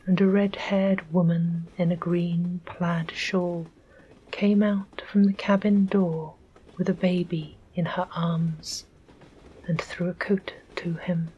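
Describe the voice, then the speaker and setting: A woman with an English accent reading a classic children's story aloud as whispered ASMR narration, in a soft whisper. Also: on the low side, husky, highs cut off. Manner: slow, calm storytelling. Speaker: audiobook narrator.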